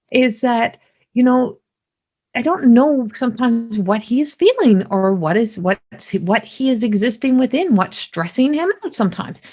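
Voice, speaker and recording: Chatty woman podcaster, higher voice. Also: a little slow. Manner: animated, talkative, many restarts. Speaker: podcast host; psychic medium. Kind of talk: casual spoken monologue.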